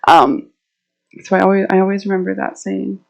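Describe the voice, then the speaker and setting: A woman's voice: medium pitch, steady tone, brisk, vocal fry, poor audio. A woman herbalist giving a casual, chatty talk to a live audience, telling stories and laughing often as she walks around the room. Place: indoor meeting room, walking around while speaking.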